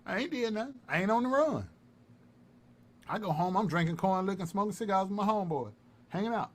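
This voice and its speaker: A man from North Carolina, taunting and repeating himself in a heated livestream callout. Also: high voice. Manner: taunting, repetitive, animated. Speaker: live-stream commentator. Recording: faint background noise.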